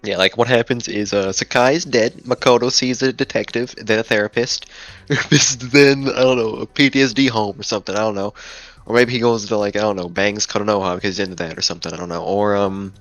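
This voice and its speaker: Young man with joking deadpan sarcasm. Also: lowish voice, a little fast, no room sound. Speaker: co-host. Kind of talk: casual chat.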